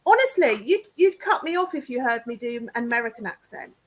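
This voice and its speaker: A woman's voice: on the high side, very animated, fairly quick. A woman from England, a guest psychic medium chatting casually over a video call, laughing often and self-deprecating.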